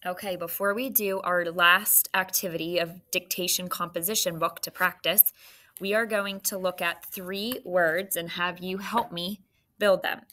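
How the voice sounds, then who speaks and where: An adult woman teacher giving a recorded phonics lesson, dictating slowly and prompting students with questions. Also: lowish voice, fairly even intonation, bright, forceful tone.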